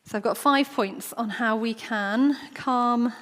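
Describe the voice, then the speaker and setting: Woman, preacher, conversational sermon, higher voice, long church reverb. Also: slow, a little hiss or hum. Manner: conversational, acts out quoted voices.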